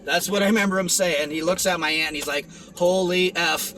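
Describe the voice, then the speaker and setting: A man's voice: fairly high pitch, fast, pushed and bright, slight background noise, rough recording. A young man giving a rambling, earnest personal testimony, with many restarts and fillers. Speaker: testimony vlogger.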